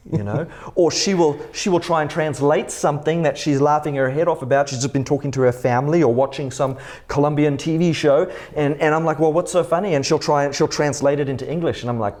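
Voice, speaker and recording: A man's voice: on the high side, steady tone, brisk, a little mellow. A middle-aged man co-hosting a casual church conversation, telling personal anecdotes and chuckling as he talks. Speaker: church podcast co-host.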